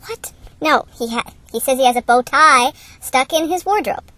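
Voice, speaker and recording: A woman performing every part of an improvised radio comedy, switching quickly between characters. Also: high voice, lively intonation, pushed and bright, no room sound. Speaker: voice actor performing all parts.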